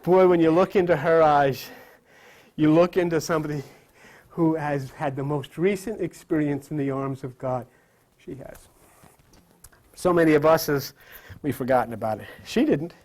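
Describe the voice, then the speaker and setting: A man's voice: a little high, normal speed, pauses often. Emphatic man preaching a Bible lesson. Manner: emphatic, repetitive preaching that swings from loud to whispered; quizzes and coaxes his listeners with questions. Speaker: Bible teacher. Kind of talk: sermon-style Bible lesson.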